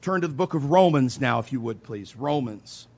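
A pastor preaching a sermon, earnest and emphatic, repeating key points, with quiet asides between louder stresses. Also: male voice, medium pitch, animated, normal speed, vocal fry. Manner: earnest preaching, emphatic repetition, occasional soft laughs.

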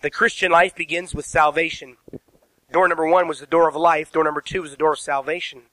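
A man's voice: a little high, little pitch movement, a little fast, bright, forceful tone, low-quality recording. A man preaching a sermon as pastor in a church, emphatic, asking the congregation questions and spelling words out. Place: church sanctuary.

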